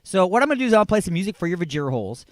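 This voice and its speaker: A man from the Detroit suburbs, hosting a radio show in a loud, rambling, ranting way. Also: high voice, sing-song, very fast, dry recording. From Detroit suburbs, Michigan. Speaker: radio host. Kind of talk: rambling comic radio talk.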